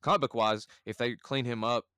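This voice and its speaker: A man in casual podcast chat, gushing as an excitable fan with many "like"s. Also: mid-range voice, a little fast, clear, resonant tone, no echo, clean studio sound. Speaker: podcast co-host.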